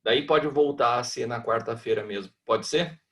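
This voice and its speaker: A man's voice: mid-range voice, fairly quick, fairly bright tone. A man, teaching a church marriage class in a conversational way over a video call. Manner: conversational, acts out a selfish husband.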